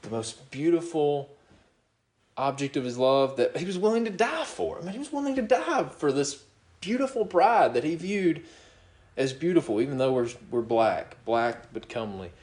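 A middle-aged man preaching a sermon as pastor, talking in a relaxed, conversational way, often chuckling and asking "you know what?". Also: fairly high pitch, normal speed, echoey room.

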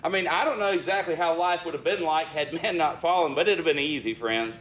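A man delivers an earnest sermon at a brisk pace in a somewhat bright voice. He often calls his listeners friends and drops his voice low for emphasis, with slight background noise present.

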